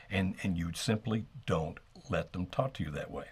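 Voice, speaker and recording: A middle-aged man co-hosting an advice talk, speaking in a measured, steady way and modeling calm phrasing. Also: low voice, slightly rough. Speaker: co-host giving relationship advice.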